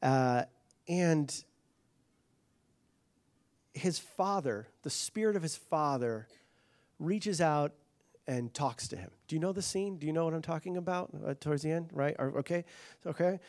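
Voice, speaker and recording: A man delivering a sermon in a church in a fairly high voice. He chats casually and jokes with the crowd, then presses his points with rising fervor. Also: animated, measured pace, pauses often, a little mellow. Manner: casual, joking, building to fervent emphasis. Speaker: pastor.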